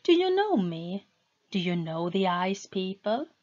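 An earnest young woman with a taste for drama, voiced by a woman reading a storybook. She speaks slowly and eagerly. The recording is a little dull and muffled. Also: mid-range voice, big pitch swings, darkish tone.

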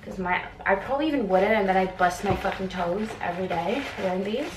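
A woman's voice: mid-range voice, animated, fairly quick. A young woman in a casual unboxing vlog, chatty and gushing, full of "like" and "oh my god". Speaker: beauty vlogger. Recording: roomy echo from a distance, with noise behind.

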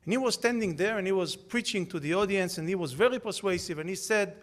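A man's voice: high-pitched, fast. A man speaking on a conference panel, lecturing emphatically and posing rhetorical questions to the audience.

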